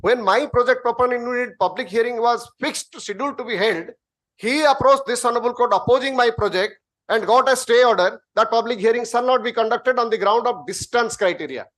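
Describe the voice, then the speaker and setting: A man's voice: very high voice, fairly quick, a bit bright. A man with an Indian English accent arguing insistently as an advocate in a courtroom. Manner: insistent, addresses the bench as my lord. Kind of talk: courtroom argument.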